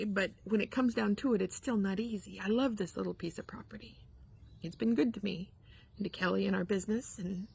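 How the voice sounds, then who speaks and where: A woman's voice: fairly low pitch, vocal fry. A woman shop owner talking candidly to her viewers from her yard in a rambling way, with frequent ums. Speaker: spiritual shop owner and vlogger. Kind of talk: casual heartfelt chat to camera.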